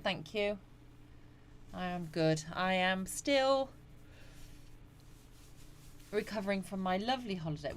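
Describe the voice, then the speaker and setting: This is a livestream host, a middle-aged woman broadcasting a casual chat from home who greets each viewer by name and reads out what they write. She talks in a lowish voice, and there's a faint hiss or hum. Her manner is talkative, punctuated by frequent laughs and yawns.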